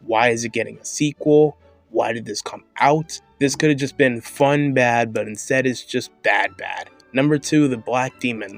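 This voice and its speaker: A man doing a casual movie review vlog, opinionated and exasperated, firing off rhetorical questions. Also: mid-range voice.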